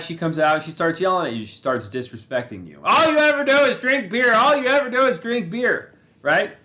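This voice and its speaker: Casting note: mid-pitched man, loose conversational host, rambles, keeps checking in with "right?". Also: fairly bright tone. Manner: breaks into laughter, repeats phrases for emphasis. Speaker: channel host. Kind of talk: casual spoken talk on Buddhism and the mind.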